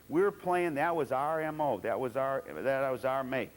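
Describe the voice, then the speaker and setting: A man giving a football coaching clinic talk, blunt and profane, telling animated stories and acting out his players. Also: medium pitch, normal speed. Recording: long hall reverb.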